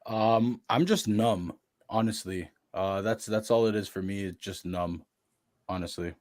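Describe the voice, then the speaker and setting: Subdued, hesitant man, low voice. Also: measured pace, a little mellow. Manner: subdued and hesitant, many fillers. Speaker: podcast guest. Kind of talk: casual panel chat.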